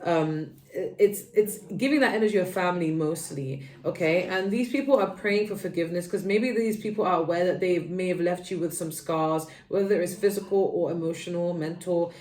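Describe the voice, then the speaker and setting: A woman's voice: on the low side, fairly quick, few pauses, darkish tone. A woman giving a tarot reading to her viewers, rambling and earnest, with many fillers and restarts. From United Kingdom. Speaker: tarot reader. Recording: echoey room, voice a little far from the mic.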